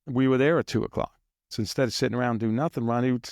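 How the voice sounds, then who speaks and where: Chuckling man telling old stories, gravelly voice. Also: mid-range voice, very fast, a little mellow, dry recording, clean studio sound. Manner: rambling, chuckling raconteur who mimics drum beats. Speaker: guest drummer. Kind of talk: casual anecdotal storytelling.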